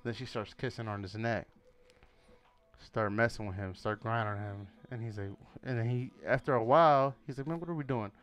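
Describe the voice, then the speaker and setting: A man's voice: on the low side, normal speed, clean tone. A young man co-hosting a podcast, telling a crude story in casual chat, acting out voices and laughing often. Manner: animated, profane, laughs often, acts out voices. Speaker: podcast co-host.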